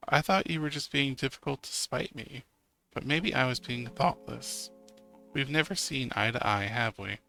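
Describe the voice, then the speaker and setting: A man doing a tired middle-aged mother, soft-spoken and regretful, sighing through her words. The voice stays bright with a gravelly edge. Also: mid-range voice, normal speed, soft background music.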